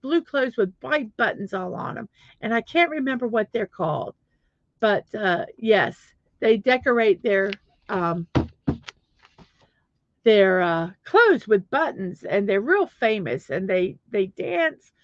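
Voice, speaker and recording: A woman's voice: on the high side, no room sound, muffled recording. A middle-aged woman hosting a casual livestream, chatting in a rambling way with many fillers while she searches for things on her computer. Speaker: livestream host.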